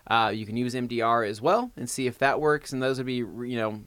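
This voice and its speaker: A man co-hosting a podcast, answering a viewer's question casually with many pauses and ums. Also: mid-range voice, lively intonation, fairly bright tone, dry recording. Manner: reads out comments, then answers with many ums. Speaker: podcast co-host. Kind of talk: casual chat. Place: podcast studio.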